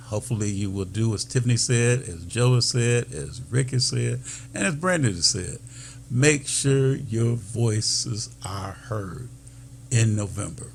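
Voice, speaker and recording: Male talk host, gravelly texture, faint hum underneath, steady moderator delivery. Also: mid-range voice. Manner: measured, thanking guests and urging listeners. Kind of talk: panel discussion moderating.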